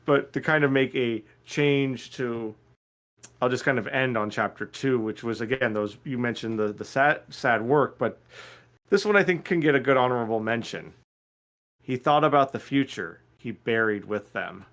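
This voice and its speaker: A man's voice: mid-range voice, moderate pace, a bit bright. A man co-hosting a casual podcast chat, rambling with lots of fillers and restarts and laughing easily. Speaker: podcast co-host.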